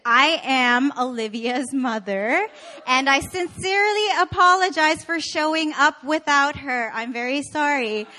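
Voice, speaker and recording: Bright, high-voiced woman pastor from Canada. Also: a little slow. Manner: animated, laughing, self-deprecating. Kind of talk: sermon with personal stories.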